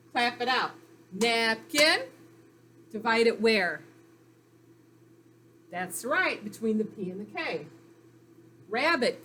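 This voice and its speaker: A woman's voice: a little high, fairly bright tone, slight background noise. A woman teaching a phonics lesson to young children, sounding out letters and syllables in a patient, encouraging way. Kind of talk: recorded reading lesson for children.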